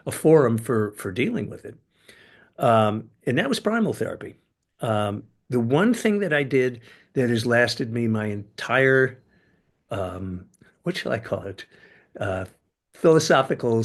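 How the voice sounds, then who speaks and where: An older man, a podcast guest, telling personal stories in a casual interview, with sudden leaps in pitch and loudness as he gets into them. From United States. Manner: animated storyteller, sudden jumps in pitch and loudness.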